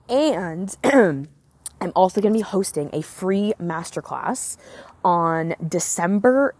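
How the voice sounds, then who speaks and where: A woman hosting a solo podcast, talking candidly and excitedly as a business coach, often swearing and filling with "like" and "right?", recorded outdoors. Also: fairly low pitch. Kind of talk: casual solo podcast monologue.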